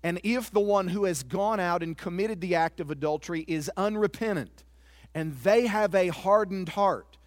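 A man's voice: high-pitched, normal speed, dry recording, clean studio sound. A man preaching a sermon as pastor, earnest and confessional, often repeating a word as he goes.

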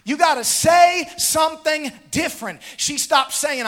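A pastor in full sermon, his voice sitting unusually high for a man. He preaches in rhythmic, repeated phrases, swelling into impassioned shouts. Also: a little slow. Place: church sanctuary with congregation.

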